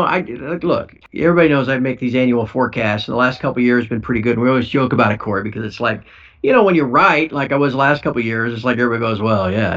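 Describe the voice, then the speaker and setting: A man's voice: medium pitch, fairly bright tone. A middle-aged man hosting a casual podcast chat on precious metals, wry and self-deprecating with gloomy humor. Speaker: precious metals site host. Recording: dull lo-fi audio.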